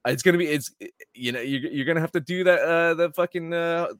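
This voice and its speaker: Halting, swearing man talking football bets. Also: on the high side, fairly bright tone, no room sound, studio quality. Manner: halting, filler-heavy, swears casually. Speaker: sports betting podcast co-host. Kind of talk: casual sports betting chat.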